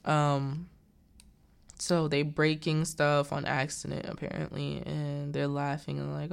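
A woman with a low, gravelly voice recapping a film in a casual, chatty way. She drifts into personal asides and jumps into quick character voices as she retells the scenes. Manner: animated, acts out the characters' lines in quick voices. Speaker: host recapping a movie.

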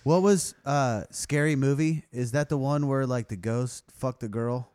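A man's voice: medium pitch, unhurried, a little mellow, smooth, no echo, clean studio sound. A man co-hosting a podcast, telling crude jokes and swearing freely in casual chat. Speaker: podcast co-host.

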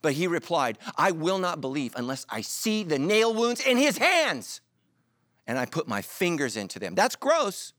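With a fairly high pitch and normal pacing, a middle-aged man delivers a pastor's sermon in a dry recording. He keeps it lively, telling stories, joking, and acting out what people said.

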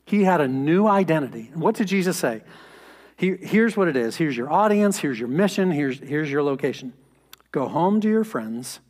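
A pastor in his thirties preaching a sermon in an earnest, conversational way, rising for emphasis. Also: fairly high pitch.

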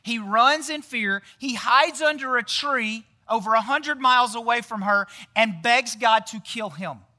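A man's voice: very high-pitched, a little slow, few pauses, pushed and bright. A man giving a casual sermon, chatty and often quizzing the audience with questions. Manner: chatty, often tags lines with "right?". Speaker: pastor.

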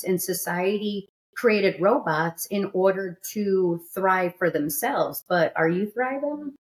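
A woman hosting a studio podcast, talking candidly and emphatically in casual chat. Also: on the low side. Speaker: podcast host.

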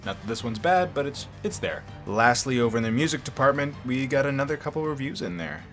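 A man's voice: mid-range voice, expressive, quick pace, a bit bright, soft background music. A man hosting a podcast in casual chat, talkative and laughing often. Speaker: podcast host.

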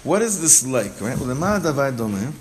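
A man's voice: mid-range voice, very animated, a little fast, a little hiss or hum. Man teaching a casual text class. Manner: explains step by step, repeats phrases, frequent restarts.

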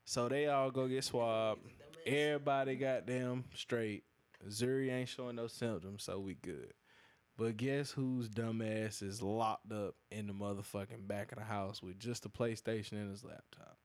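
A young adult man, hosting a podcast and telling a casual, profane story, acting out other people's lines with big jumps in his voice. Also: moderate pace. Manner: animated, profane, acts out quoted lines with big pitch jumps. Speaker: podcast host.

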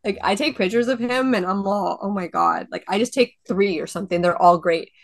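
A woman guest on a podcast, chatty and animated, full of "like" and acted-out quotes. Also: medium pitch, fairly quick, no room sound. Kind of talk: casual chat.

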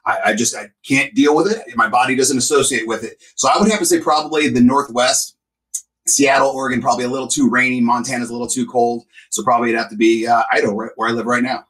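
A man co-hosting a relaxed podcast, telling stories with lively emphasis in a mid-range voice. His voice sounds a little distant from the mic. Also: mid-range voice, quick pace. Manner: animated storyteller, emphatic. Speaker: co-host. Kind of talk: casual podcast chat.

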